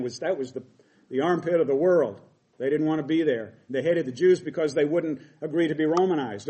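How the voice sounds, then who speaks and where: A man's voice: fairly high pitch, dark tone. A middle-aged man preaching a sermon, reading scripture aloud and explaining it with emphatic quoted lines.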